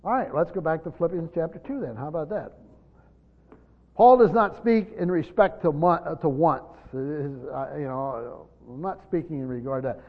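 Man, Bible teacher, conversational explaining, slightly high voice, muffled recording. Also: lively intonation, moderate pace. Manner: conversational, explanatory, often restarting phrases. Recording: dull lo-fi recording in a reverberant hall.

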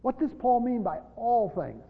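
A man teaching a Bible study to a group, stressing key words loudly and then dropping to quiet asides. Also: very high-pitched, very animated, moderate pace, vocal fry, husky. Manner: emphatic, swinging between loud stresses and quiet asides. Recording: dull lo-fi sound in a large echoing hall.

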